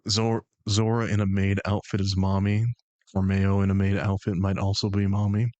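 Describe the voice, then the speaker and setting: A man's voice: sits low, monotone, normal speed, darkish tone, no room sound, dull audio. A young man streaming and bantering with his chat, joking and sarcastic. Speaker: streamer and game master.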